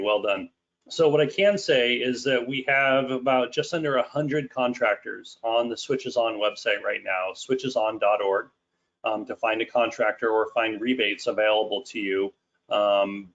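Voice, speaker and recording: A man moderating an audience Q&A on a webinar, reading out questions in a measured way. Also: fairly low pitch, fairly bright tone. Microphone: video call. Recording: dull lo-fi call audio.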